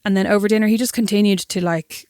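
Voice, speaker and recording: A young Irish woman co-hosting a podcast, telling a story in a lively, self-mocking way. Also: mid-range voice, quick pace, clear, resonant tone, dry recording, clean studio sound. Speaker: podcast co-host. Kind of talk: casual chat, storytelling.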